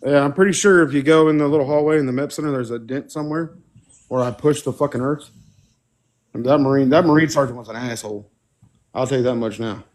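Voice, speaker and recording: A man's voice: medium pitch, fast talker. A man telling profane army stories in casual chat with friends. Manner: profane storyteller, does voices of people he quotes. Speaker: podcast co-host.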